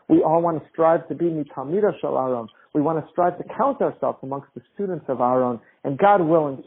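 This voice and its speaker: A man giving an earnest sermon, repeating phrases for emphasis and weaving in Hebrew terms, then leading a slow psalm recitation. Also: sits high, slightly rough. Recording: thin phone-line audio.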